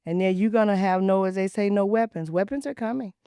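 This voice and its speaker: A woman in her sixties hosting a talk show, telling stories in an animated, preachy way with lively vernacular asides. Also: mid-range voice, fast, smooth, no room sound, clean studio sound. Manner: animated, preachy storytelling with Southern Black vernacular. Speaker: podcast host. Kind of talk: casual talk show chat.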